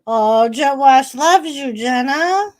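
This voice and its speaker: A woman's voice: high voice, lively intonation, slow. A middle-aged woman hosting a live watch-party stream, chatting casually, reading viewers' messages aloud and laughing often.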